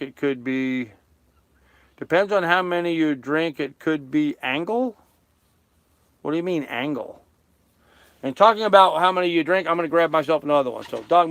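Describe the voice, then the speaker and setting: A man's voice: on the high side, fairly bright tone, dry recording. An older man casually chatting with viewers on a live stream from his small sailboat, joking and laughing at his own jokes. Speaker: sailing vlogger on a live stream. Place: small sailboat cabin on a lake.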